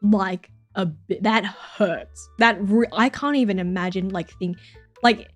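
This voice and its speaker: A woman's voice: mid-range voice, measured pace, dry recording. A young woman streamer chatting casually as she reacts to stories, laughing often and swearing freely. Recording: dry close mic with faint music behind.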